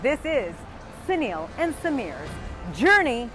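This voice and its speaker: A woman's voice: on the high side, lively intonation, moderate pace, fairly bright tone, soft background music. A woman hosting a show outdoors on a busy street, bubbly and laughing often. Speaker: host. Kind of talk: lively presenting to camera.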